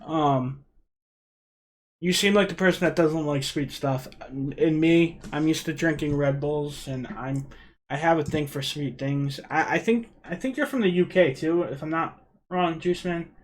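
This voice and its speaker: A man's voice: a little high, measured pace. Chatty man with a Rhode Island accent. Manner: chatty, rambling, answers viewer questions. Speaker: livestream host. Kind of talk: casual livestream chat.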